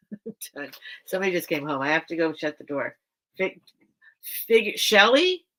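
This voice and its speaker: A woman's voice: fairly low pitch, sing-song, normal speed, sharp tone. A woman hosting a live vintage sale stream, rambling and interrupting herself in casual chat. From grew up by the beach. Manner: rambling, self-interrupting, chatty.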